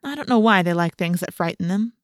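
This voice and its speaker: A woman's voice: fairly low pitch, animated, fairly quick, no echo, studio quality, close to an everyday voice. A woman voicing a caring mother who frets and fusses over her daughter. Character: worried caring mother, a busy lawyer.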